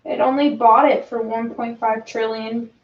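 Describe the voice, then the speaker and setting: A woman's voice: on the high side, steady tone, normal speed, highs cut off. Woman reading news aloud, roomy distant sound. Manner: reads news headlines aloud with hesitant ums. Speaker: livestream co-host. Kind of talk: casual chat.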